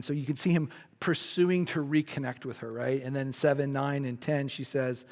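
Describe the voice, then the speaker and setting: A man preaching a sermon as pastor, casual and joking, with animated asides. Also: mid-range voice, fairly quick, hardly any pauses. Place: church sanctuary. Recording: long church-hall reverb.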